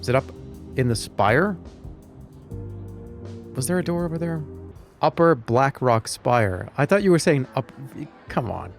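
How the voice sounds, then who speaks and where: Gravelly-voiced man streaming a game. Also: mid-range voice, expressive, a little slow, long pauses, faint music behind. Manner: wry, rambling, talks to chat. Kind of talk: casual live-stream gameplay chat.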